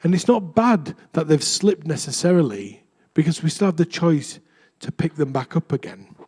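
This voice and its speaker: A man's voice: fairly high pitch, mellow, breathy edge. A young adult man, a vicar, preaching a chatty, self-deprecating sermon in a church.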